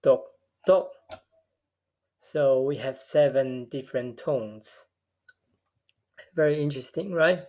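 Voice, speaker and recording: A man giving a recorded linguistics lecture, explaining step by step in a measured way and often repeating words as he goes. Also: medium pitch, dark tone. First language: a tonal language.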